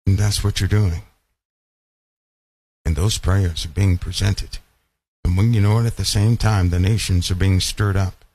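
A man with a fairly low voice preaching a sermon. He talks emphatically, keeps asking his listeners whether they see his point, and slows down and softens his voice on the lines he wants to land. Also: fairly even intonation, husky, dry recording. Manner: emphatic, asks the audience questions often.

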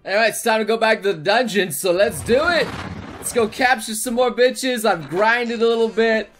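A man commentating on a game he plays, loud, crude and joking. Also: high-pitched, normal speed, soft background music. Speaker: let's play host.

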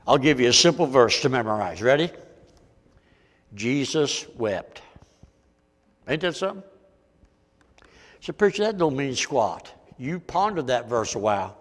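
A man preaching a folksy sermon, swinging between loud and hushed. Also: medium pitch, sing-song, moderate pace, long reverb tail.

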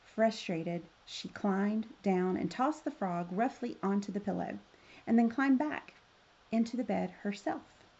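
A woman reads a children's fairy tale aloud, gentle and expressive. Her voice is mellow and a little husky. The recording has a dull, lo-fi sound. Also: medium pitch, measured pace. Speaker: storyteller. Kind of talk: children's story read-aloud.

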